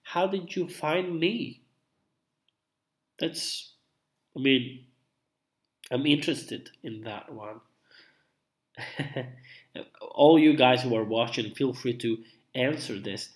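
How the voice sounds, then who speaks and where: A young man chats with his live-stream viewers while he is feeling unwell. His voice sits at an everyday middle pitch. He rambles, backtracks and fills the pauses with ums and uhs. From Italy. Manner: chatty, rambling, with many fillers and restarts. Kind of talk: casual live-stream chat.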